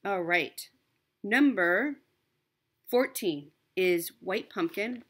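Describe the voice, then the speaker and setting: A woman's voice: mid-range voice, animated, extremely slow, a bit bright, husky. A woman chatting casually as a cross stitch vlogger, upbeat and talkative, with frequent ums and self-corrections. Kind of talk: casual show-and-tell chat.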